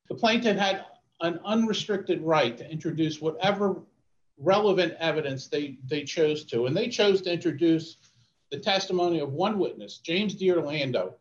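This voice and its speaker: A man's voice: on the high side, dull audio. Formal male attorney in a roomy courtroom. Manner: measured and formal, with frequent restarts. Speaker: attorney arguing an appeal. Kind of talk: formal courtroom oral argument.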